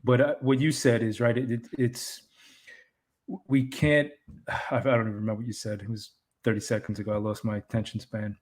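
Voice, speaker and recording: A man in his thirties talks in a relaxed, earnest way, encouraging other fathers and stumbling over his words as he rethinks them. His pitch sits at an average height for a man. The tone is conversational and unscripted. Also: a little fast. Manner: earnest and encouraging, with frequent restarts. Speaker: podcast co-host. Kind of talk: casual chat.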